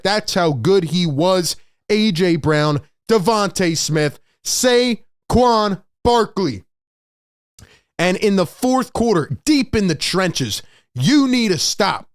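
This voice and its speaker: A man hosting a postgame sports show, ranting excitedly, acting out players and breaking into shouted bursts. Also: high-pitched, no room sound, clean studio sound. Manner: animated, shouting bursts, acts out players' voices.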